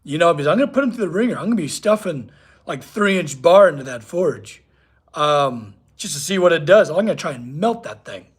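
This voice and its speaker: Young male blacksmith streamer with a husky, slightly high voice; loose, rambling chat in his workshop. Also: sing-song, brisk. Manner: chatty, rambling, reads chat aloud. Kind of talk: casual live-stream chat. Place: home workshop.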